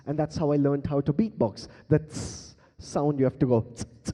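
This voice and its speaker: A man's voice: a little high, fairly even intonation, moderate pace, few pauses, dark tone. A man with an Indian English accent hosting a live conference on stage as emcee and beatboxer, playfully coaxing the audience to join in. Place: large conference hall stage. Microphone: handheld stage mic. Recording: long hall reverb.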